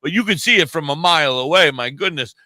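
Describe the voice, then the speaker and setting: A man's voice: on the high side, fast, sharp tone, no echo. A man hosting a radio show, chatting casually and joking around with frequent swearing. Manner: laid-back, swearing, joking. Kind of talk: casual stoner chat. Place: radio studio.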